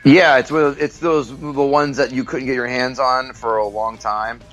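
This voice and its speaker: A man's voice: medium pitch, flat delivery, moderate pace, fairly bright tone, faint music behind, rough recording. Profane, laid-back man on a podcast. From New Jersey, across from New York City. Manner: loose and profane, playing a video game while talking. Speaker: podcast guest, comedian. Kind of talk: casual podcast chat.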